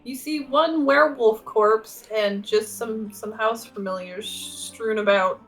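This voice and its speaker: A woman runs a tabletop game in a loose, casual narrating voice scattered with fillers. Her pitch sits a little high, and faint music plays underneath. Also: slow pace. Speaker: game master.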